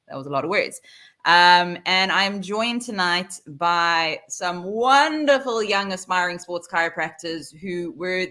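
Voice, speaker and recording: A woman's voice: fairly low pitch, bright, forceful tone. South African woman hosting a live call. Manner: chatty, friendly fillers. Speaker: host. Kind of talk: live online panel hosting. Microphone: video call.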